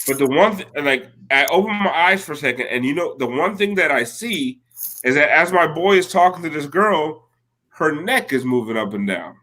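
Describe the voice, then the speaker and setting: A man in his late thirties with a bright, forceful voice tells a rambling, profane story in a loose, casual chat. He sits a little high in pitch for a man and swears freely as he goes. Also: animated, normal speed. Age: late 30s. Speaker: podcast co-host.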